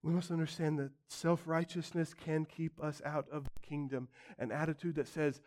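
High-voiced man preaching a sermon. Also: little pitch movement, normal speed, few pauses, darkish tone. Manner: emphatic preaching with repeated phrases. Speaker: pastor.

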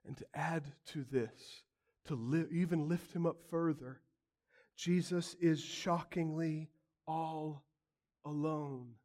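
A man preaching a sermon, acting out quotes dramatically and swinging from loud outbursts to hushed lines. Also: fairly high pitch, fairly even intonation, slow pace.

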